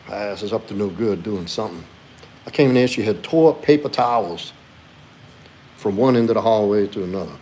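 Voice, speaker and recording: A man's voice: brisk, darkish tone, slight background noise. A man, hosting a casual live stream and answering viewers' questions as he reads chat. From Louisiana. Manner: answers chat questions, talks to his dog in a high sweet voice. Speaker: livestream host and coach.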